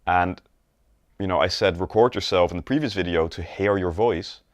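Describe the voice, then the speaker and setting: Speaking low and at a moderate pace, a man coaches sales in a conversational video lesson. He regularly checks in with the viewer and acts out postures and gestures while talking. There's no echo.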